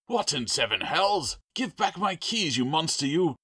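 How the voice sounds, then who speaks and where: A man's voice: fairly high pitch, sing-song, a little slow, bright, forceful tone, husky, no echo, studio quality, pitched above the performer's own voice, exaggerated voice. A man playing a cursing, blustering caretaker. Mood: furious. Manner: blustering, indignant. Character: grumpy male school caretaker, shouting and cursing.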